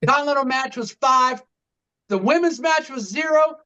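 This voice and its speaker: A woman's voice: high voice, normal speed, pushed and bright, lo-fi sound. A woman co-hosting a podcast, chatting casually and giving short, punchy ratings. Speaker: podcast co-host. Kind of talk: casual chat.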